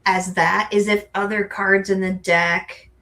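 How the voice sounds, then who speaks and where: A woman's voice: medium pitch, little pitch movement, measured pace, sharp tone. A middle-aged woman co-hosting a tarot show, chatting casually and rambling with frequent restarts. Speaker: tarot co-host. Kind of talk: casual chat.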